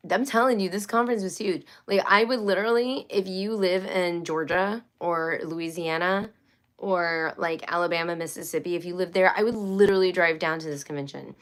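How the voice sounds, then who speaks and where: A woman's voice: fairly low pitch, fairly even intonation, normal speed. A woman hosting a casual homeschool live stream, chatty and rambling, with many fillers and restarts. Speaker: homeschool livestream host.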